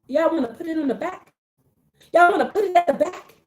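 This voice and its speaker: High-voiced woman giving a fired-up faith talk. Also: fairly quick, roomy sound, highs cut off. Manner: animated, repetitive, preachy, slangy. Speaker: faith community speaker. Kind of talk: casual religious pep talk to a group.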